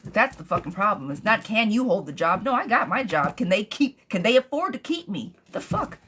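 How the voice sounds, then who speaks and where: Answering viewers on a live-stream tarot reading, a woman talks briskly in a mid-range voice, with a little hiss or hum in the recording. She's blunt, chatty and sweary, using girl and love bug as pet names, and she gets riled up and rants before calming herself down.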